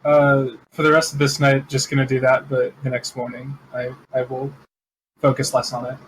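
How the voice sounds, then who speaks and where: Flat-voiced male player, faint hiss. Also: mid-range voice, moderate pace, low-quality recording. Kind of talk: tabletop game play.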